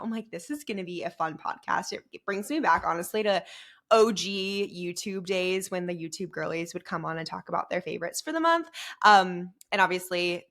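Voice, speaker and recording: A woman's voice: fairly low pitch, fairly bright tone. A young woman hosting her own podcast, chatting casually and upbeat about fitness, with many fillers. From Phoenix, Arizona. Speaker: podcast host and fitness coach. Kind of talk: casual solo podcast chat.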